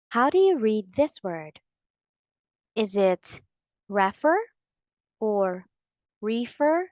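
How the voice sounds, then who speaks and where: A woman giving a scripted English pronunciation lesson, saying model words slowly and clearly. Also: medium pitch, darkish tone, dry recording.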